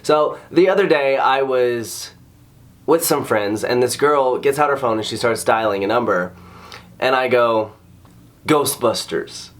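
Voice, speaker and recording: A man's voice: mid-range voice, measured pace. A man hosting a reaction video, ranting in sarcastic, exasperated commentary full of swearing.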